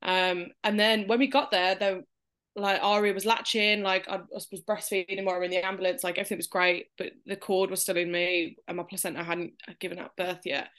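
A woman's voice: medium pitch, flat delivery, brisk, a bit bright. A woman, a podcast guest, telling a story in casual chat and acting out the voices she quotes.

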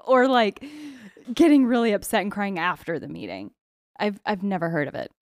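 A woman's voice: medium pitch, sing-song, measured pace, a little mellow, no echo, studio quality. A young adult woman co-hosting a podcast in casual chat, candid and joking. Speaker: podcast co-host.

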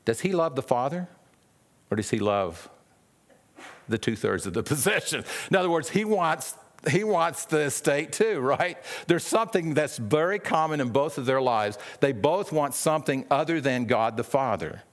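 A man's voice: fairly high pitch, animated, moderate pace. A man preaching a sermon in a conversational way, with many restarts and questions to the listeners. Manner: acts out the brothers' lines in a raised, sharp voice.

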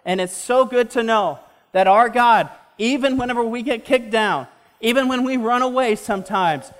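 A man preaching a sermon as a pastor, impassioned and slowing down for emphasis. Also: very high-pitched, a bit bright.

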